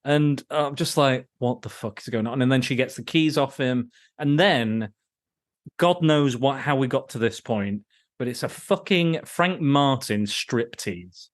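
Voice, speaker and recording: A male podcast host in loose, casual film talk, ranting with plenty of swearing. He trips over his words and restarts often. His voice sits at an ordinary middle pitch. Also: unhurried. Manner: ranting, profane, with frequent restarts.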